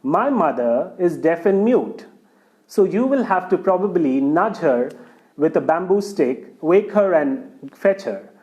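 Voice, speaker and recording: A man's voice: a little high, lively intonation, unhurried, darkish tone, dull audio. A man voicing a cunning man who schemes and persuades in a folk tale. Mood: persuasive. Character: cunning man plotting a trick.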